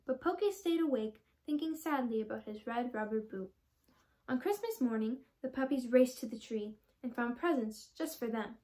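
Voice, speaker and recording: A teenage girl reading a children's storybook aloud, with clear, expressive storytelling. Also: fairly high pitch, normal speed. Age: teens. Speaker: storybook reader.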